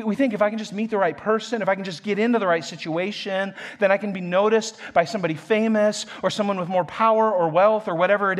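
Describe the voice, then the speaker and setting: Male pastor, higher-pitched voice; sermon delivery, self-deprecating, stammering restarts. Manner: self-deprecating, stammers and repeats words, chuckles often. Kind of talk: sermon with personal story.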